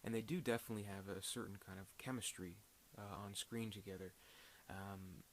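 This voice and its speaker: Male film reviewer, lowish voice, rambling casual delivery, light hiss on the track. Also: fairly even intonation, a little fast. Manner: rambling, full of fillers and restarts.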